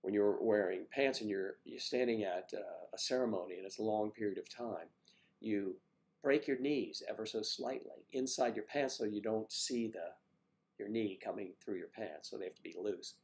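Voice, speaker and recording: An older man hosting a casual livestream, chatting warmly with viewers by name and rambling through stories. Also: fairly low pitch, moderate pace. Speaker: livestream host reading viewer comments. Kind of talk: casual chat.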